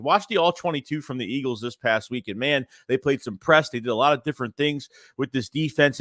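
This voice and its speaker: A man with a stuffy nose hosting a casual sports livestream, rambling and animated as he reads chat messages aloud. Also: a little high, no room sound, studio quality. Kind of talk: casual live-chat commentary.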